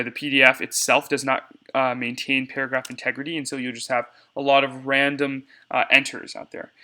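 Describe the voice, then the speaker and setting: A man's voice: fairly high pitch, sharp tone. A young man giving a casual step-by-step screencast tutorial on cutting debate cards, talking to viewers as y'all.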